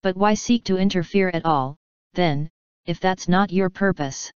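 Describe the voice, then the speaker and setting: A woman's voice: lowish voice, a little slow, clean tone, no room sound, dull audio, lightly acted. A woman voicing a wary, skeptical young woman in a storybook reading, guarded in manner.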